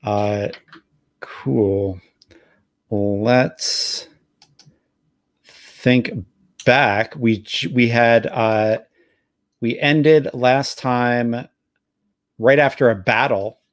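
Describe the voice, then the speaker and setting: A man with a New Jersey accent, hosting a live tabletop game and recapping the story in a halting, self-correcting way with easy laughs. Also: medium pitch, fairly even intonation, no room sound. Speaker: game master. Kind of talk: casual actual-play narration.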